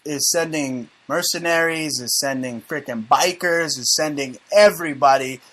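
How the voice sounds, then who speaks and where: American man, talk-show host, brash and boastful, swears freely, slightly high voice. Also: moderate pace, a bit bright. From United States. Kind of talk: casual conspiracy talk show.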